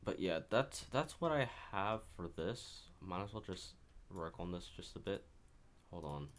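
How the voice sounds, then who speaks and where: A man's voice: deep voice, expressive, a little slow. A man casually talks through his own composition as he works on it, rambling and correcting himself as he goes. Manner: rambling, self-correcting, talks while working. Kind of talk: casual screen-share commentary.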